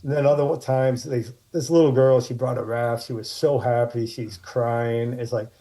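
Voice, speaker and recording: A man's voice: medium pitch, fairly even intonation, moderate pace, mellow. A man, a guest telling casual, rambling anecdotes and acting out the voices of people in them. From Martha's Vineyard, USA. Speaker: podcast guest, former child actor. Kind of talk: casual storytelling interview.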